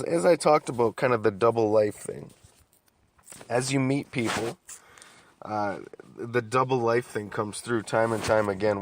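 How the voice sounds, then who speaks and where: A young man telling stories in a calm, laid-back way, full of swearing and restarts. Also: on the low side. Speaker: podcast host. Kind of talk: casual monologue.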